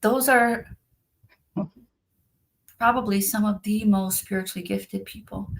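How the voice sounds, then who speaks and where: A woman's voice: medium pitch, steady tone, unhurried, gravelly. A woman speaking earnestly and from the heart in a casual conversation, as a spiritual practitioner on a video call.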